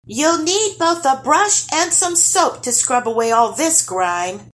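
A woman's voice: high voice, very animated, slow pace, voice pushed up, exaggerated voice. A woman voicing a plucky little boy gnome in a storybook read-aloud, piping and firm.

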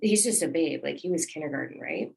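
A middle-aged woman talks from her home office, with a slightly low voice. Her tone is breathy and husky. She wanders from point to point in a relaxed, affectionate way. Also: fairly quick, low-quality recording. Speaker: podcast co-host. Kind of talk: casual conversation about parenting.

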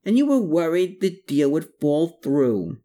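A woman's voice: very deep voice, huge pitch swings, a little slow, darkish tone, voice pushed up, heavily acted. A narrator voicing a shrewd, watchful woman in an audiobook, guarded and probing. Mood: worried, secretive. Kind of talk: audiobook character voice.

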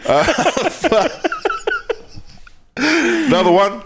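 A man's voice: very high-pitched, sing-song, very slow, noisy background. A man co-hosting a podcast, telling stories in a laid-back way, swearing freely and laughing often. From Pacific Islander heritage. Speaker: podcast co-host. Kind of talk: casual podcast chat.

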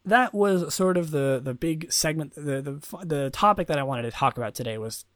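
A man's voice: on the high side, expressive, normal speed, fairly bright tone, no room sound, studio quality. A young man hosting a casual solo podcast, rambling with many fillers and restarts. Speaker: podcast host.

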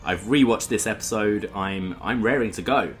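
Dude hosting a podcast, chatty storyteller, faint music behind. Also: male voice, on the low side, normal speed. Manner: energetic storyteller, lively. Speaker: podcast host. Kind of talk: casual podcast chat.

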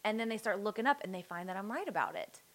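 A woman's voice: medium pitch, fast. Blunt outspoken woman in casual chat. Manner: blunt, outspoken, animated in retelling. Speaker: social media creator.

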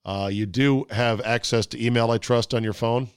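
A man hosting a sports talk podcast on a studio mic, telling stories in a casual, animated way. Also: mid-range voice, normal speed, clear, resonant tone, dry recording. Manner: animated storyteller, fiddly with gear.

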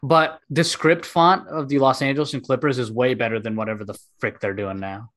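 A man's voice: mid-range voice, fairly even intonation, brisk, fairly bright tone. Opinionated man hosting a casual podcast. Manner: opinionated, emphatic, repeats points. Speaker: podcast host. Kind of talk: casual chat.

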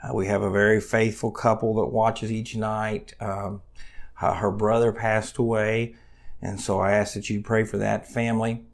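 Man, pastor, gravelly voice, earnest conversational sermon, filler words. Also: fairly low pitch, normal speed. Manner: reads scripture aloud louder and more animated.

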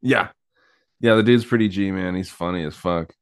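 A man's voice: deep voice, normal speed, smooth, no echo, clean studio sound. A man hosting a podcast, chatting casually and crudely with lots of fillers. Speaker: podcast host. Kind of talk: casual chat.

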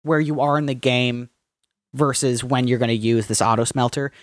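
A man's voice: medium pitch, fairly even intonation, normal speed, no echo. A man co-hosting a podcast, chatting casually in a blunt, profane and enthusiastic way. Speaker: podcast co-host. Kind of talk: casual chat.

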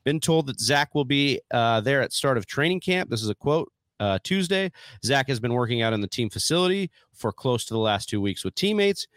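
A man's voice: mid-range voice, very animated, brisk, a bit bright, no room sound. Upbeat man hosting a podcast, dry sound. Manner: upbeat, chatty, hype-building. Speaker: podcast co-host. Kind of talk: casual fantasy football podcast talk.

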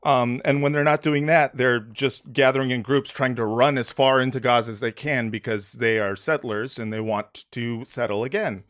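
A man's voice: mid-range voice, fairly even intonation, moderate pace, few pauses, a bit bright. A man hosting a comedy podcast, talking in a sarcastic, rambling way with many fillers. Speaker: podcast host. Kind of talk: casual comedic podcast chat.

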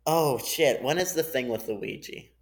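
Slow-talking, laid-back man. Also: mid-range voice, vocal fry. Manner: laid-back, agreeing, lots of fillers. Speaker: podcast guest. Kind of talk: casual chat.

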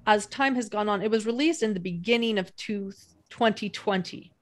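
A woman hosting a podcast interview, giving measured set-ups for her guest. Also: mid-range voice. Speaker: podcast host.

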